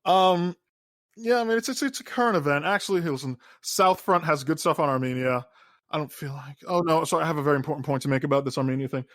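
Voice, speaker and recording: Male podcast co-host, slightly high voice, dead-dry studio sound, casual profane ramble. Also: fast talker, no room sound. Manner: rambling, profane, lots of fillers. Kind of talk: casual political chat.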